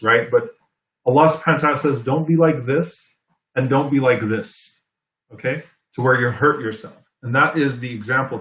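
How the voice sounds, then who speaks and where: A man giving an Islamic sermon in a conversational, explanatory way, often checking in with "okay?" and "right?" and reciting Arabic verses quickly. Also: medium pitch, fairly bright tone, reverberant, rough recording. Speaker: Islamic preacher. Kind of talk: sermon lecture.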